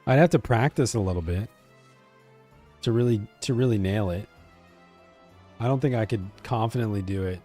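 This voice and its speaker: A man's voice: lowish voice, moderate pace, pauses often, dark tone. Male streamer, casual and chatty, talking to chat over faint game music. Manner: chatty, answers chat, hesitant restarts.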